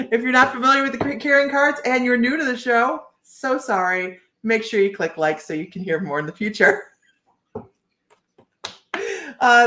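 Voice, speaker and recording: A woman's voice: a little high, fairly bright tone. Chatty woman reading cards, roomy echo. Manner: chatty, rambling, with many restarts. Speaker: psychic reader and show host. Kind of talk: live-streamed card readings.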